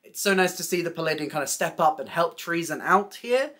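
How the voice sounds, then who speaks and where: A woman's voice: on the low side, lively intonation, brisk, a bit bright. A young woman hosting a casual theatre news recap, chatty and enthusiastic with frequent laughs.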